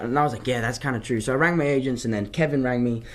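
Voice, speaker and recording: A man's voice: mid-range voice, very fast. A young man, an actor answering fan questions in a casual live Q&A, telling stories with self-mocking asides. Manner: animated, chatty storytelling, self-mocking asides.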